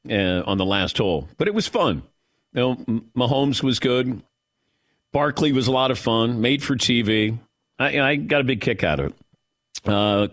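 A middle-aged man hosting a sports talk radio show, telling stories in an animated way with quick asides. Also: medium pitch, dry recording, studio quality.

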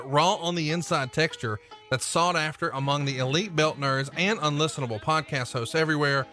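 A male podcast host, doing jokey, brisk ad reads in a casual way. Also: a little high, pushed and bright.

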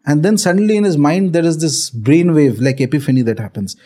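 A man's voice: fairly high pitch, fairly quick, dark tone. A middle-aged man with an Indian accent explaining spiritual ideas through a story, dotted with fillers and Hindi words. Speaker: guest, spiritual author. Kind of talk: storytelling podcast conversation.

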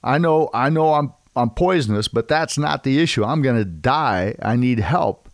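A man's voice: mid-range voice, expressive, normal speed, no room sound, clean studio sound, lightly acted. A man voicing a cunning male snake in a spoken parable. The snake pleads and coaxes. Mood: pleading. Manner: pleading and coaxing.

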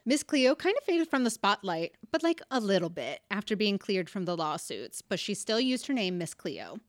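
A woman's voice: mid-range voice, sing-song, moderate pace, no room sound. Chatty young woman co-hosting, dry sound. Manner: chatty storytelling, reads out facts with asides and laughs. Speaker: podcast co-host. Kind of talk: casual chat.

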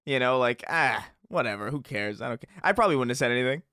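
A man's voice: medium pitch, expressive, fast talker, sharp tone, no room sound, studio quality. A man in a casual podcast chat, joking in a laid-back, shrugging way.

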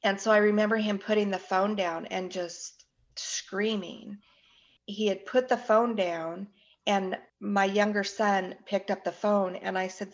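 A woman in her forties slowly recounting a painful family loss, halting and restarting as she speaks. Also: medium pitch, fairly even intonation, muffled recording. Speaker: guest recounting her son's death. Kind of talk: emotional personal account.

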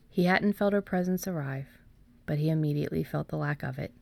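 Low-voiced woman reading her story. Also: creaky, a little mellow. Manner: measured reading, hesitant with fillers when chatting. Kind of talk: storybook narration, then casual chat.

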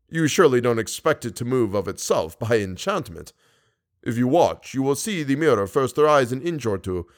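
A man voicing a grave, cautious older Persian guide with a Persian accent, speaking in a low, measured, hushed way in an audiobook reading. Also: lightly acted.

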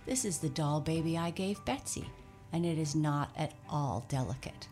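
A woman voicing a jolly, brisk old male Santa Claus in a hearty, bustling manner. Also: sits low, expressive, darkish tone, faint music behind.

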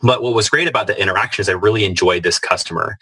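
Earnest low-voiced man telling a story. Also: rapid-fire, bright, forceful tone, breathy edge, no room sound, poor audio. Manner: earnest, many fillers and restarts. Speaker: guest, author. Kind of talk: storytelling in a podcast interview.

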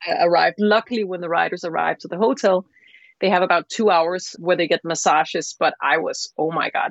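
A woman chef, a guest on an interview show, telling stories in a lively, rambling way with lots of fillers. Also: fairly low pitch, fairly quick, creaky, no echo. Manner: animated, rambling storyteller with many fillers. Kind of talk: casual interview storytelling. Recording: slightly dull lo-fi sound.

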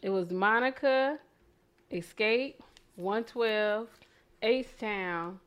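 A woman co-hosting a podcast, chatting casually in a loud, playful, storytelling way. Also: medium pitch, extremely slow, smooth. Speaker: podcast co-host. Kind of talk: casual chat.

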